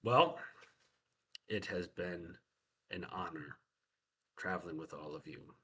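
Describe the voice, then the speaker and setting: A giant, good-hearted warrior with a husky, booming voice, played by a game master. He is openly affectionate and loud with his comrades. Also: takes it slowly, full character voice. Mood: solemn farewell. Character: huge strong male warrior, boisterous and affectionate.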